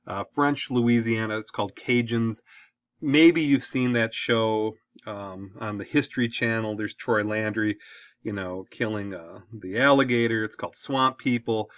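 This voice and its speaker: A man from the Detroit area teaches a history lesson in a relaxed, conversational way, often asking "okay?". His voice sits at an ordinary pitch for a man. The recording is dry and somewhat dull. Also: dry recording. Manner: casual, chatty, asks "okay?" again and again. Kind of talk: recorded classroom lecture.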